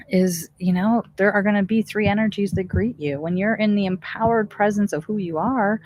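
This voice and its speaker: A woman's voice: fairly low pitch, a little mellow, dry recording. A woman hosting a spiritual talk radio show, speaking in an earnest, encouraging way and asking many rhetorical questions.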